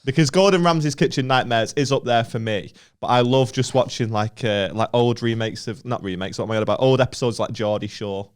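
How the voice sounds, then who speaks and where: A man's voice: mid-range voice, fairly quick, hardly any pauses, clean tone. A young northern English man co-hosting a comedy podcast in casual, sweary banter, laughing often. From Northern England. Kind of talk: casual chat.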